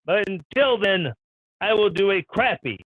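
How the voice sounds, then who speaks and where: Animated, high-voiced sarcastic male streamer. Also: unhurried, no room sound. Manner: sarcastic, irreverent, ranting. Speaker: live stream host. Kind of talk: sarcastic news commentary. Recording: dull lo-fi stream audio.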